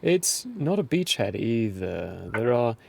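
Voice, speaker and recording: A man's voice: mid-range voice, big pitch swings, slow pace, creaky, darkish tone, husky. A man narrating a tabletop game as game master, describing scenes while searching for words.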